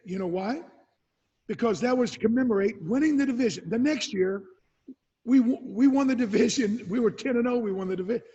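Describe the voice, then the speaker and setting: Husky high-voiced older guy spinning football stories, dull lo-fi sound. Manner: animated storyteller, acts out quotes. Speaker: retired football player, guest. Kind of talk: storytelling interview answers.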